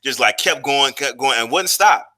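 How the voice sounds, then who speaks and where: Bright-voiced man telling a casual story. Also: medium pitch, lively intonation, normal speed. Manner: loose and profane, heavy with fillers and restarts. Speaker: vlogger.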